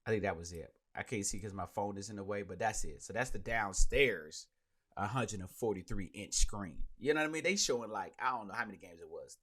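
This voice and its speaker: A man's voice: fairly low pitch, brisk, a bit bright. A man hosting his own podcast, ranting and joking in casual solo sports talk. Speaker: podcast host.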